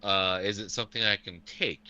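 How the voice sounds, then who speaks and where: A man playing a tabletop game online, asking eager quick questions. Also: on the low side, fairly even intonation, bright, forceful tone, poor audio. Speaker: player. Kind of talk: casual tabletop play. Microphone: online call.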